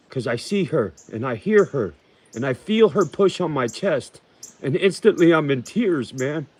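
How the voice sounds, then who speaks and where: A man's voice: a little high, lively intonation, a little slow, a little mellow, slightly rough. A man hosting a livestream, chatting casually with viewers in a profane, rambling and heartfelt way. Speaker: livestream host.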